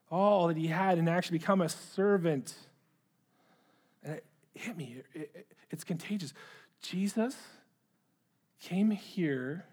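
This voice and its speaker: A man's voice: high voice, a little mellow, husky. A middle-aged man preaching a sermon, earnest, often repeating words as he starts a phrase. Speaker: pastor.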